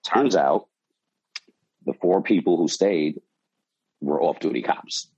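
Husky deep-voiced man telling a bar story. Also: takes it slowly, pauses often, highs cut off. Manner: animated, profane, acts out quotes. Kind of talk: casual storytelling.

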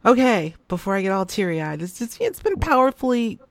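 A woman's voice: medium pitch, very animated, brisk, dry recording. A woman hosting a casual chat show, effusive and emotional as she thanks her guest and supporters. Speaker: host.

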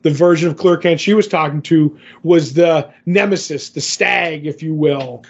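A man talking through a comic book story in loose, casual podcast chat, stopping and restarting his sentences often. His voice sits a little higher than most men's. The audio is dull and lo-fi, with the top end rolled off. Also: normal speed, breathy edge. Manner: rambling, many fillers and restarts. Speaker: podcast co-host.

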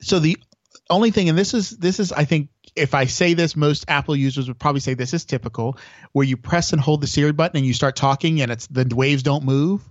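A man's voice: a little high, fairly quick, dry recording, dull audio. A man chatting as a podcast guest, telling long stories with lots of restarts. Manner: rambling storyteller with many restarts. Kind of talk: casual chat.

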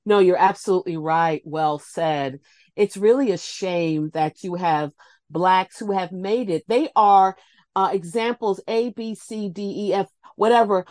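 A woman's voice: a little high, no echo. A woman guest commentator speaking emphatically and emotionally on a talk show, building to anger. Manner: emphatic, preachy, rising to anger. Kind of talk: impassioned political talk.

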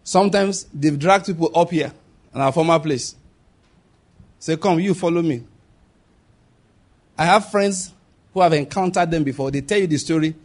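A pastor preaches with a voice that sits somewhat high for a man. He reads scripture slowly and deliberately, then hammers home key phrases by repeating them. His delivery is emphatic throughout. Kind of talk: sermon.

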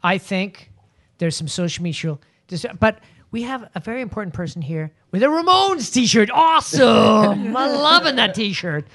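A man's voice: sits high, expressive, moderate pace, pushed and bright. A man hosting a casual panel chat, playful and teasing, laughing often. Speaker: host.

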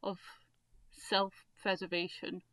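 A woman giving a slow, tender spoken tribute as a caller. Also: lowish voice, little pitch movement, a bit bright, no room sound.

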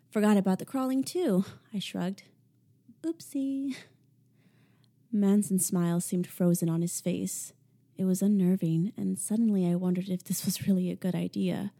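Woman narrator for a first-person audiobook; measured, intimate, dark warm tone. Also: lowish voice, vocal fry.

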